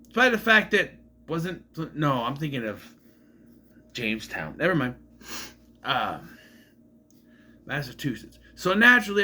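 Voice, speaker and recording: A young man chatting through a movie review in a loose, rambling way, often breaking off to correct himself. His voice sits fairly high for a man, with lively rises and falls. The tone is bright and sharp. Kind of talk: casual film review vlog.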